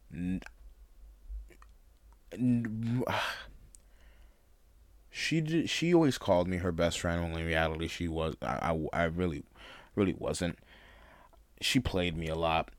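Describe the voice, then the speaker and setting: A young man with a very low voice tells a personal story in a loose, candid way, laughing often and stumbling into restarts. The sound is dry and close, with no room around it. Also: dry recording. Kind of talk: casual storytelling monologue.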